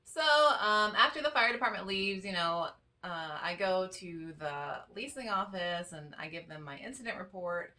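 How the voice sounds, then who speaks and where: A woman's voice: mid-range voice, expressive, normal speed, pushed and bright. A woman vlogger telling a story in a casual, rambling way, full of "you know" and "like.". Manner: rambling, chatty, heavy on fillers like "you know" and "like". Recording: voice a little distant from the mic.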